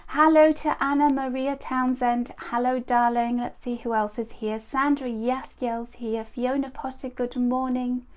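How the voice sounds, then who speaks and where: A woman's voice: sits high, fairly even intonation, a little slow, hardly any pauses. A woman, reading oracle cards on a live stream and chatting as she greets viewers by name. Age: 50s. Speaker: card reader.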